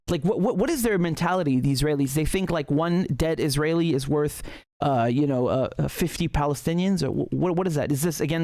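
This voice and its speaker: A man with a somewhat high voice delivers fired-up solo commentary in a dry, close-sounding recording. He speaks with indignation and biting sarcasm, repeating himself and restarting sentences as he pushes his point. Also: darkish tone, dry recording. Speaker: political commentator.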